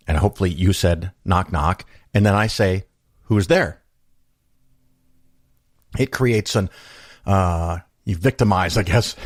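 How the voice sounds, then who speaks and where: A man's voice: sits low, no room sound, clean studio sound. A middle-aged man hosting his own podcast, telling a story and musing aloud in a chatty way, acting out the voices of people he quotes. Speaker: podcast host. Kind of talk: casual solo monologue.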